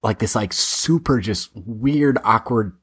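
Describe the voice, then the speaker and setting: A man's voice: lowish voice, takes it slowly, fairly bright tone, slightly rough. A man hosting a casual chat about films, enthusiastic and full of filler words. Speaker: podcast host.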